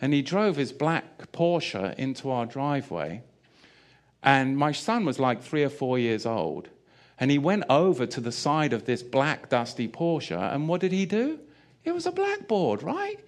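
Lively storytelling male preacher. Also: medium pitch, unhurried. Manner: animated storytelling, laughs often. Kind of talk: sermon with humorous personal anecdote.

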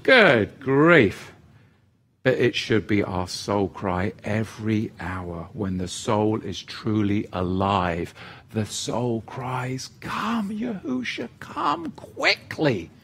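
A man preaching a sermon, animated and asking his congregation rhetorical questions, swinging between loud exhortation and hushed asides. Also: fairly low pitch, slow pace, slight background noise.

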